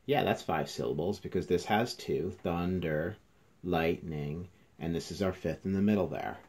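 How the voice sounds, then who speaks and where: A man teaching a class, explaining slowly and counting syllables aloud to his students. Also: sits low, darkish tone. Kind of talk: classroom lesson video. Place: indoors, near a passing train.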